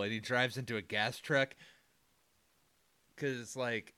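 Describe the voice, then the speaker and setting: A man's voice: mid-range voice, steady tone, measured pace, pushed and bright, smooth. A man casually recapping a movie with a friend, meandering with fillers and mock-quoting characters. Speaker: podcast co-host.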